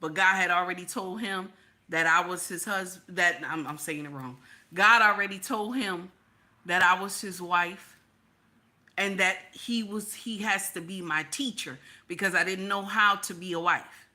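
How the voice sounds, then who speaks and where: Brash bright-voiced woman reaction host. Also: on the low side, a little slow. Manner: animated, brash, preachy asides. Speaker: commentary host. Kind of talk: casual reaction commentary.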